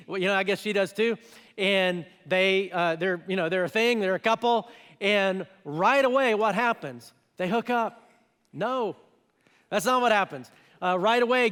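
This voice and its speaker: A man preaching to a church in a conversational, animated way, breaking into little voiced asides. His voice sits fairly high for a man. The sound carries the long reverb of a large church auditorium. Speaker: pastor. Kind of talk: sermon.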